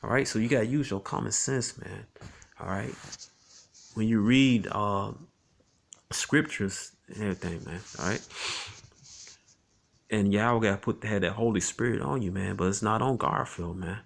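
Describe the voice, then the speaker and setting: A man teaching scripture in a relaxed, conversational way. He often ends phrases with "man" and "all right" and reads verses slowly, with frequent chuckles between lines. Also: on the low side, creaky. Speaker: Bible teacher.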